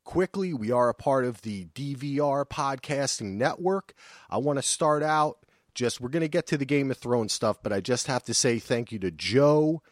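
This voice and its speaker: A man's voice: medium pitch, moderate pace, no echo, clean studio sound. A man hosting a podcast, talking in an enthusiastic, casual way with frequent restarts. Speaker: podcast host. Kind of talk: excited casual chat.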